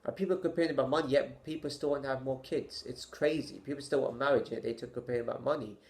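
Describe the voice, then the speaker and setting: A man with a voice of ordinary middle pitch rants to his camera. His delivery stumbles and stammers as he restarts sentences, and he sighs in exasperation between rhetorical questions. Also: fast talker, darkish tone. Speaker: vlogger. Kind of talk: opinion rant to camera.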